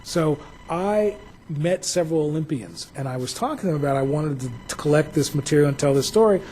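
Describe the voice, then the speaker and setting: Man, from New Jersey, museum director, reflective storyteller, mellow tone, somewhat high voice. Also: lively intonation, a little fast, a little hiss or hum, low-quality recording. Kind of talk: public talk.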